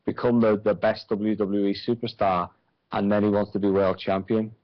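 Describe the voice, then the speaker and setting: A man's voice: on the low side, flat delivery, moderate pace, no echo. A man co-hosting a radio show, giving blunt, opinionated takes in casual chat. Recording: dull dry sound.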